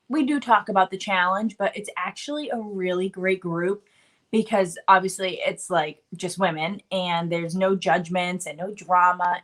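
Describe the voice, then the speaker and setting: A woman's voice: mid-range voice, a bit bright. A woman hosting a casual craft live stream, chatty and full of fillers, with allergies bothering her. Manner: chatty, filler-heavy, laughs often. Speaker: craft channel host.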